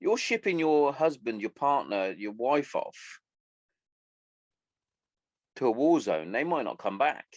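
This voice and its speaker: A man's voice: medium pitch, sing-song, slow, pauses often, dry recording. A man in his thirties hosting a solo podcast, rambling and swearing casually as he chats. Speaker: podcast host.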